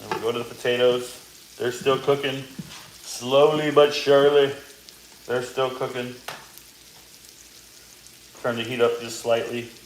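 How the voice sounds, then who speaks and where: A man's voice: medium pitch, fairly even intonation, a little slow, long pauses, background noise. A man in his forties chatting casually to viewers while he cooks, rambling through asides, with a slight cough from a sore throat. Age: 40s. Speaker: cooking vlogger. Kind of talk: casual cooking chat to viewers. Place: home kitchen, cooking at the stove. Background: faint sizzle of frying food.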